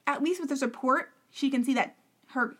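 A woman's voice: high-pitched, moderate pace, fairly bright tone. A woman co-hosting a podcast, chatting casually and emphatically about a reality TV show. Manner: opinionated, emphatic, talks over the other host. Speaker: podcast co-host. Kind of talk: casual reality-TV recap chat.

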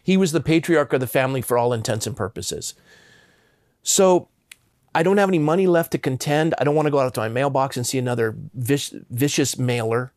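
A man's voice: medium pitch, fairly quick, a little mellow, dry recording, studio quality. A man in his fifties from Southern California, telling a personal story as a guest with earnest emphasis and frequent stammered restarts.

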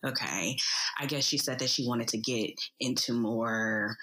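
A woman co-hosts a laid-back podcast from her bedroom, her voice very low with a husky edge. She muses hesitantly and restarts her thoughts often. Her speech is full of likes as she works her way to a point. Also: fairly even intonation, unhurried, bright, forceful tone, low-quality recording. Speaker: podcast co-host. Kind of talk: casual podcast chat.

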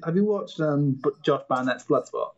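A man's voice: fairly high pitch, animated, normal speed, lo-fi sound. A man co-hosting a casual watchalong podcast, chatty and knowledgeable, laughing often. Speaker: podcast co-host.

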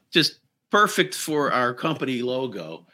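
A man who is a guest comedian on a podcast, pitching an improvised product in a halting, filler-laden storytelling way. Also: very animated, very noisy.

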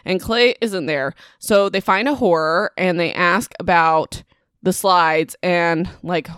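A woman podcast host casually retelling a book's plot, chatty and full of fillers and asides. Her voice is smooth and clear. The sound is dry and close. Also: lowish voice, takes it slowly, a bit bright, no echo. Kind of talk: casual book recap.

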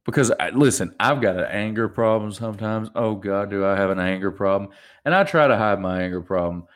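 A man's voice: fairly low pitch, fairly quick. A young adult man hosting a solo podcast, ranting animatedly and mocking people in put-on voices. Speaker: podcast host.

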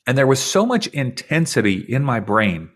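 A man in his forties, a podcast guest, earnestly and reflectively recounting a deeply personal experience in conversation. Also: very animated, normal speed, slightly rough.

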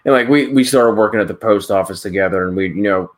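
A man's voice: lowish voice, quick pace. A man co-hosting a fantasy sports podcast, talking loosely with many fillers like "like" and "you know". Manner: rambling, lots of "like" and "you know". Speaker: podcast co-host. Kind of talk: casual podcast chat.

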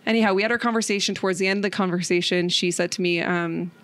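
A woman earnestly telling a personal story in a casual interview, halting, with many fillers. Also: lowish voice, fairly even intonation, a bit bright. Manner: earnest, halting, tearful at times. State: crying. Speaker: guest.

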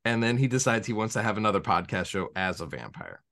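This podcast game master talks fast in a fairly low-pitched voice. Chatting casually, he rambles through stories, restarting often, and animatedly imitates the people he quotes.

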